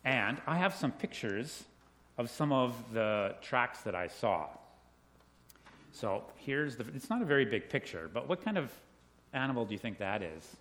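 A middle-aged man leads a children's talk in a lively, questioning way. His pitch sits in a middle range but moves a lot, and he laughs easily. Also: moderate pace. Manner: animated, asks questions, laughs often. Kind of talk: friendly storytelling to children. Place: indoors with a group of children.

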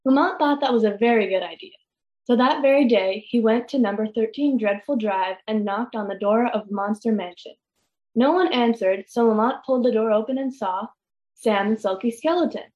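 A woman reading a children's story aloud, gentle and expressive, with small stumbles. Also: on the high side, moderate pace. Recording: dull lo-fi recording.

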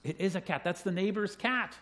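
A middle-aged man telling children a story, animated, asking them questions and laughing along with them. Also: high-pitched, brisk. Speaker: children's talk leader. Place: indoors with a group of children.

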